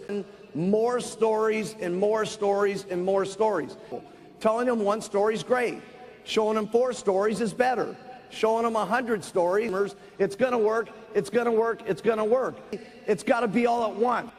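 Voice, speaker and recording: A man's voice: high-pitched, moderate pace. A man giving a motivational sales seminar talk to distributors, emphatic and repetitive, heard in a reverberant hall. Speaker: company founder speaking to distributors.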